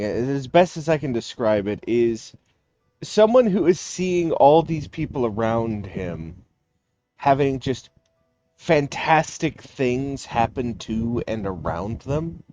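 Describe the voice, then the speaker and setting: A man narrating as game master in a tabletop game, explaining things haltingly with many fillers. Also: mid-range voice, big pitch swings, warm tone, no room sound, soft background music.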